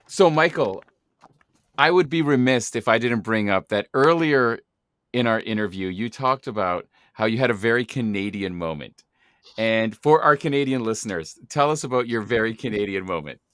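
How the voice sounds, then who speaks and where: Bright, playful male podcast host. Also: medium pitch, expressive, normal speed, no room sound, studio quality. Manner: playful, theatrical announcing. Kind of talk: casual podcast hosting.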